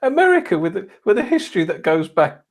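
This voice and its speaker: A British man with a husky, slightly rough voice, talking in a loose, rambling way and breaking off into laughter. His pitch swings widely as he goes. He sounds worn out from too little sleep. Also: very animated, quick pace. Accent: British English. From Britain. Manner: rambling, self-interrupting, laughs often. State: tired. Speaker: podcast co-host. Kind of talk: casual chat.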